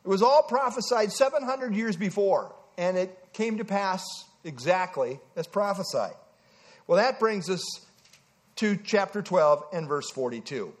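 Man, high-pitched, leading an evening Bible study; casual teaching voice, quizzes the group, lots of "uh" fillers. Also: expressive, unhurried. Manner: conversational, asks the group questions, frequent "uh" fillers.

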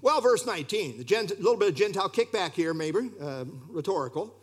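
A middle-aged man preaching an expository sermon, emphatic and animated, often dropping his voice low for effect. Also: brisk, slightly rough. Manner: animated, emphatic preaching with sudden drops in volume. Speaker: pastor.

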